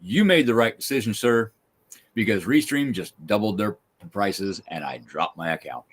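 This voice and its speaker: A man's voice: lowish voice, expressive, normal speed. A man hosting a casual talk stream, opinionated and ranting, often restarting his sentences. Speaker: podcast host. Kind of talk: casual chat.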